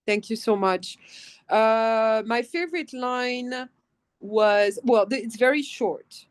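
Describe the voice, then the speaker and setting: A woman from France with a French accent, a voice actress telling animated stories in a casual interview and acting out the quotes. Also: a little high, takes it slowly. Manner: animated storytelling, acts out quotes, swears casually. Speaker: guest voice actress.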